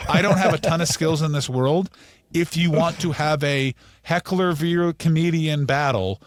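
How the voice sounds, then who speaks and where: A middle-aged comedian, a man from Canada, spins animated stories at a brisk clip on a close podcast mic. His voice sits a touch high for a man and sounds dry, with no room around it. He swears freely and keeps the energy up. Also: no room sound. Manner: animated, profane, fast storytelling. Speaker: comedian guest. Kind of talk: storytelling interview.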